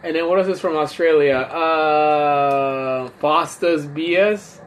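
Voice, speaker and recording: A man's voice: fairly high pitch, takes it slowly. A man who is tipsy, a comedian and podcast host chatting loosely on a phone livestream, rambling and swearing. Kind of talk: casual chat on a drunk livestream. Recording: phone livestream audio, faint background noise.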